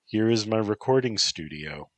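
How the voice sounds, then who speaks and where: Guy doing a high, emotional young woman, begging, teary. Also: animated, normal speed, no room sound, natural voice. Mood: wry. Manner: pleading, emotional, tearful. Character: volatile, heartbroken young woman actress.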